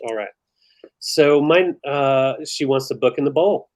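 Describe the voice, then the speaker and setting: A man's voice: mid-range voice, measured pace. A man co-hosting a live vintage sale stream, chiming in with short, easygoing remarks. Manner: short agreeing interjections, relaxed. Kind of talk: live-stream sales chat.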